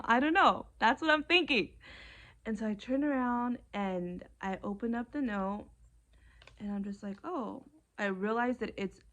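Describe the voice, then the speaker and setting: A young woman earnestly retelling a personal story in a casual vlog, with lots of fillers and rising emotion. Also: a little high. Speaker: vlogger.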